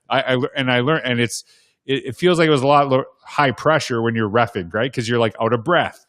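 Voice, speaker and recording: A man's voice: medium pitch, fairly quick, a bit bright, dry recording, studio quality. A man telling stories as a guest panelist in casual talk, rambling with many restarts and fillers. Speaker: guest panelist, educator and former basketball referee. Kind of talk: casual storytelling on a video panel.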